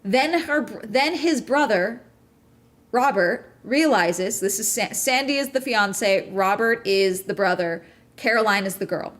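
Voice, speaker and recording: A woman talking casually on a podcast, swearing freely and breaking off to ask "okay?" as she retells a story. Her delivery is animated and quick to jump between details. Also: mid-range voice. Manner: animated, profane, frequent "okay?" check-ins. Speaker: podcast host. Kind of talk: casual chat recapping a true-crime documentary.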